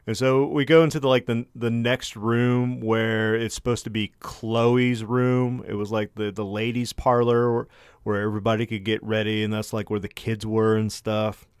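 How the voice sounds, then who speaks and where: Smooth-voiced man swearing through a story. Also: mid-range voice, no echo, clean studio sound. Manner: profanity-heavy, animated storyteller. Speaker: podcast co-host. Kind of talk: casual storytelling chat.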